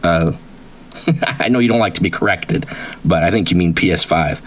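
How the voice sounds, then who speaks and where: A man interviewing on a comedy podcast, asking dry, deadpan questions. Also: sits low, normal speed, long pauses.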